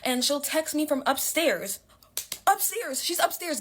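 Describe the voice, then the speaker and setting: A woman's voice: high-pitched, very animated, unhurried, a bit bright. A young woman telling a story casually, chatty with lots of fillers and dramatic swings in her voice.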